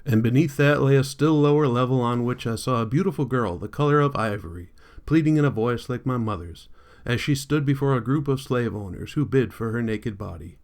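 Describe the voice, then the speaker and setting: A man's voice: medium pitch, fairly quick, a little mellow. Man reading a literary audiobook. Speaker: audiobook reader. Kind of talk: scripted narration.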